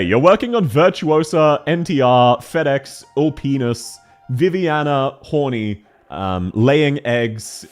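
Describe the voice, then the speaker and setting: Lively, excitable male streamer. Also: medium pitch. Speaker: streamer reviewing viewers' game accounts. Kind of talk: casual live-stream chat.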